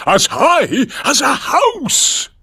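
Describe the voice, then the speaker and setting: An actor playing a loud, boastful old male rabbit in a cartoon, telling his tale in a booming voice. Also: wildly swooping pitch, very slow, exaggerated voice. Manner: booming, shouty storyteller. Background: music.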